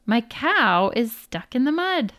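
A woman's voice: fairly high pitch, sing-song, slow pace, fairly bright tone, pitched above the performer's own voice, heavily acted. A woman voicing a clever, sly little male rabbit trickster with a wheedling manner in a storybook reading. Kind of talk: storybook read-aloud.

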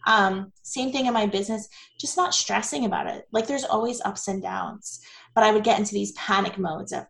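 A woman's voice: medium pitch, normal speed, gravelly, a bit bright, reverberant, low-quality recording. A woman in her forties, a guest telling her story in a candid, chatty interview. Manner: candid and chatty, with frequent fillers and laughs. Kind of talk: casual interview.

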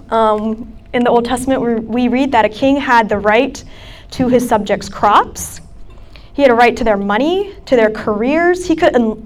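A young adult woman gives a casual, chatty sermon to students, with many fillers. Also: sits high. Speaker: campus ministry speaker. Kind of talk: sermon talk.

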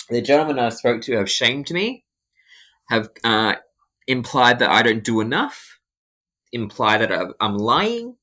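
Aussie guy in his 30s telling his story, teary, voice breaking, middle pitch. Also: bright, forceful tone. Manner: tearful, voice breaking at times. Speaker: interviewee. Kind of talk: emotional personal testimony.

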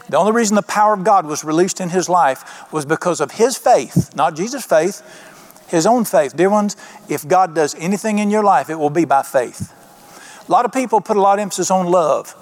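Hombre predicando con tono cercano y enfático. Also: male voice, sits high. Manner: folksy, conversational preaching with emphatic slowdowns. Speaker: pastor. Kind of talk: sermon.

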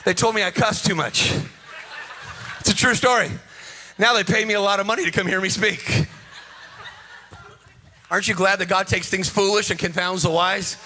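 A man's voice: high voice, fairly even intonation, normal speed, pauses often, sharp tone, a little hiss or hum. A man preaching a rousing, joking sermon at a conference, with a sing-song delivery and frequent calls to the crowd. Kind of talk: energetic sermon. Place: conference stage.

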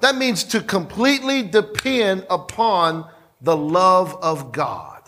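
A pastor preaching a sermon in a church, talking conversationally, repeating himself and calling on the congregation. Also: male voice, sits high, expressive, slow pace, bright, forceful tone. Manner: conversational, repetitive, calls on the congregation.

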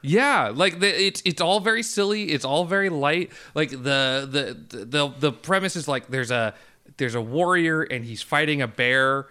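A young man co-hosting a casual anime review chat, excitable and swearing freely as he acts out scenes. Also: on the high side, a little slow, clear, resonant tone. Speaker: podcast co-host.

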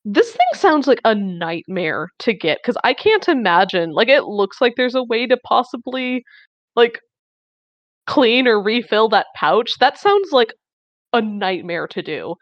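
A woman's voice: a little high, very animated, unhurried, dry recording, lo-fi sound. A woman co-hosting a podcast in casual chat, rambling with lots of fillers and wry complaints. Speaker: podcast co-host.

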